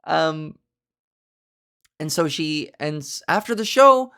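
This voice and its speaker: A woman hosting a podcast, a comedian chatting casually through a story with big, animated swings in pitch. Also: takes it slowly, smooth.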